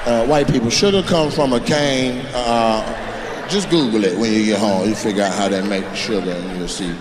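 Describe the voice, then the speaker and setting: A man doing stand-up crowd work on a club stage, loud, profane and teasing the crowd. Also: fairly low pitch, normal speed, echoey room, in a large hall. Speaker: stand-up comedian. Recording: noisy live club recording. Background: audience laughter.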